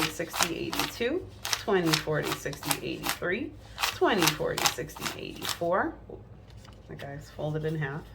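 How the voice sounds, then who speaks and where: A woman's voice: low-pitched, vocal fry, very noisy. A woman vlogging about her budget at home, chatting casually and counting bills aloud under her breath. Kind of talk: casual chat while counting cash. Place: at home indoors.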